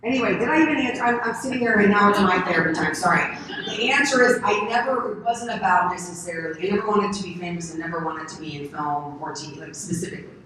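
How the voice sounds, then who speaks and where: A woman in her thirties from the United States, a convention panel guest answering questions in a rambling, animated way and laughing often. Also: lowish voice, fast talker, hardly any pauses. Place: large convention hall. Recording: echoey hall from far off, faint noise.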